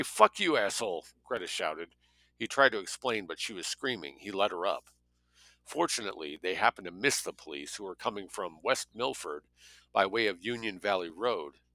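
Man reading a thriller with a bright edge. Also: deep voice, no room sound. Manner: plain reading with offhand spoken asides. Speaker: audiobook reader. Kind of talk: audiobook narration of a thriller.

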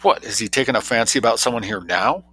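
A man reading an audiobook, voicing a chatty, excitable young society woman who asks eager questions in a raised voice. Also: medium pitch, a little fast, vocal fry, pitched above the performer's own voice, full character voice.

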